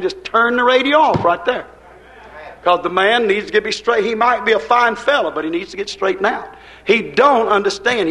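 An older man preaching a sermon. He swings between loud, pushed lines and hushed, quiet ones. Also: sits high, poor audio. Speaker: pastor.

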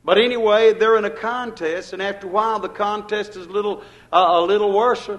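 A man's voice: high-pitched, fairly even intonation, fairly quick, a bit bright, low-quality recording. A male minister preaching a sermon in a folksy way, often calling out to his congregation.

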